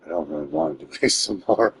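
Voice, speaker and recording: Deep-voiced guy streaming a game, rambling to chat, swears a bunch, bit of faint hiss behind. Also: fast talker, vocal fry, fairly bright tone, rough recording. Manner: laid-back, rambling, swears freely. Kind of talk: casual gameplay stream chat.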